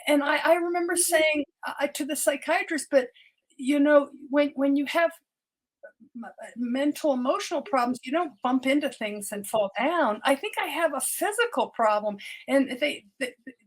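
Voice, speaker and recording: A woman's voice: sits high, moderate pace. An older woman, a doctor, telling her personal story as a podcast guest, earnest and often repeating words as she restarts her sentences.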